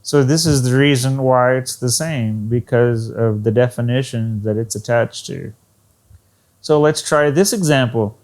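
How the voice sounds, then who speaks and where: A man's voice: medium pitch, unhurried, darkish tone. A man teaching an English lesson, repeating words to show intonation. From Texas. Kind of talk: ESL lesson.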